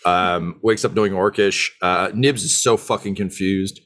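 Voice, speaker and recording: Deep-voiced hesitant game master. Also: male voice, a little slow, hardly any pauses, fairly bright tone. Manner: hesitant, full of ums and uhs. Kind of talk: narrating a tabletop game.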